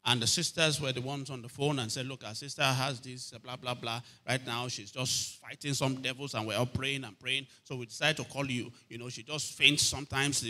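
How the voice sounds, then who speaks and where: In a storytelling sermon, a pastor repeats phrases and often asks, "are you hearing me?" He has a mid-range voice with a sharp tone.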